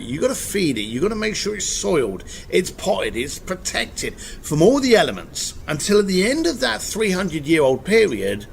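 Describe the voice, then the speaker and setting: A man being interviewed, talking bluntly and casually, telling animated stories with a swear word here and there. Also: fairly high pitch, slight background noise. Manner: blunt, animated storytelling with profanity. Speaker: interview guest.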